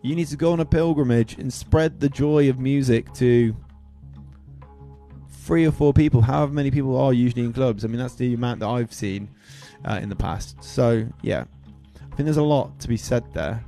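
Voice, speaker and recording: Rambling man, dark mellow voice. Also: medium pitch, moderate pace, faint music behind. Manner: rambling, jokey, swears a lot, trails off into asides. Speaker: DJ livestream host. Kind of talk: rambling joking livestream chat.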